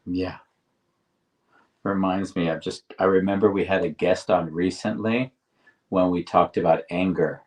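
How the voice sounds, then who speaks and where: A man with a very low voice co-hosts a reflective talk show. He explains ideas deliberately and often restarts his phrases. He sits a little back from the microphone, so his voice sounds somewhat distant. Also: steady tone. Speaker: podcast co-host.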